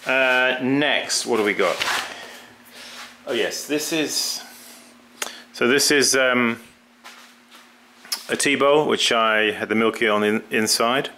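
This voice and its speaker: A middle-aged man with a lowish, sharp-toned voice talks casually through a pottery glazing demonstration, often halting and repeating words as he works. There's a little hiss or hum in the recording.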